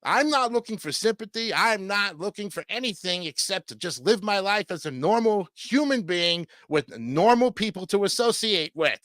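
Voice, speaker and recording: A man's voice: high-pitched, expressive, moderate pace, few pauses, fairly bright tone, dry recording, clean studio sound. A man hosting a livestream show, delivering combative, crude political commentary and repeatedly asking his audience "okay?".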